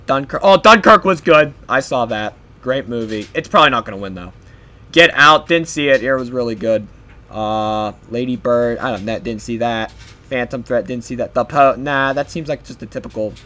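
A man's voice: medium pitch, moderate pace, pushed and bright. A young man talking alone on his podcast, loose and offhand. He wanders from thought to thought, swears freely, and trails off into half-finished sentences. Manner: rambling, profane, offhand. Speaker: podcast host. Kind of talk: solo podcast rambling.

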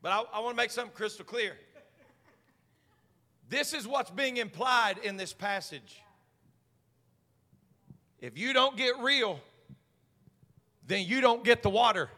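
High-voiced fervent preaching man. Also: expressive, unhurried, long pauses, in a large hall. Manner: fervent, swings from quiet asides to shouted climaxes. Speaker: senior pastor. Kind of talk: preaching a sermon. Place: church sanctuary.

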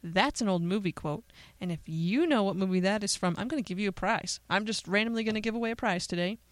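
Smooth-voiced playful woman radio host. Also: mid-range voice, fast, no echo. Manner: playful, joking, chatty asides. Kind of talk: casual radio talk. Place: radio studio. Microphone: studio microphone.

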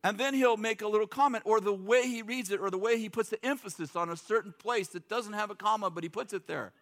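A man's voice: high voice, fast. A middle-aged man preaching a sermon in a loose, joking, conversational way, acting out quotes. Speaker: pastor.

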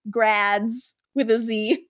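Podcast co-host, woman, high pitch, dry close sound, animated casual recapper. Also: extremely slow, no echo. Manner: animated, quotes characters in lively voices. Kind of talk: casual chat recapping a TV episode.

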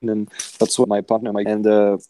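A man from France with a strong French accent, speaking English as a second language as a guest, halting and searching for words. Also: fairly low pitch, monotone, mellow, slight background noise, rough recording. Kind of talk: casual interview.

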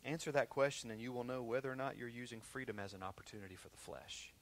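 With a medium-pitched voice and quick delivery, a man preaches a sermon as if in conversation. Repetition is frequent, and he moves between loud emphasis and hushed stretches.

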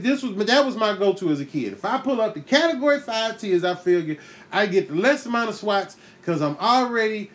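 A man hosting a podcast, telling a comic story in a profane, animated way, laughing often and acting out the voices in it. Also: on the high side. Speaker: podcast host. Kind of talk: comedic storytelling monologue.

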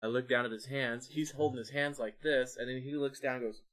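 Speaking a little fast in a mid-range voice, this young podcast co-host keeps the chat casual. He tells his stories with energy, acting out each character's voice.

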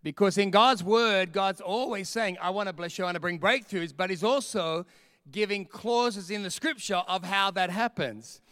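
A male pastor preaching with an energetic, emphatic delivery, hammering key lines by repeating them. His voice sits high for a man and comes through smooth and resonant. The sound is dry and close. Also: normal speed, no echo. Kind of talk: sermon. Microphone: camera with a close mic.

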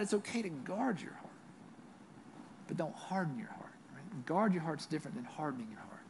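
A Southern US pastor delivers a sermon in a relaxed, conversational way, often tagging his points with a quick "right?". His voice sits a little on the high side for a man. A faint hum of room ambience stays under his voice. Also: creaky. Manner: conversational preaching, frequent tag "right?". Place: church.

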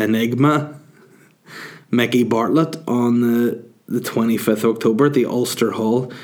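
A man's voice: mid-range voice, darkish tone. Sweary man rambling. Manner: sweary, rambling, self-mocking, laughs at own jokes. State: getting over a cold. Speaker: comedian hosting a podcast. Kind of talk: rambling casual monologue.

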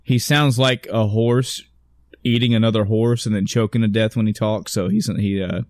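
A man's voice: lowish voice, steady tone, moderate pace, no echo. A man hosting a podcast, rambling in casual, profane banter and laughing often. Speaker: podcast host.

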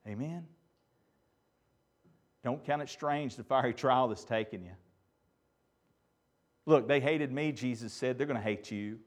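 A middle-aged man preaching a sermon as pastor, his voice rising to loud peaks and dropping to near-whispers. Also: mid-range voice, measured pace, long pauses.

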